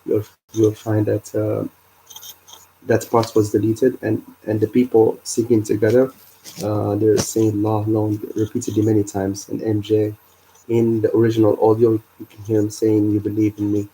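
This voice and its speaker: A man hosting a livestream, explaining his ideas in an earnest, halting way. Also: lowish voice, vocal fry, warm tone, a little hiss or hum, rough recording. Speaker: livestream host.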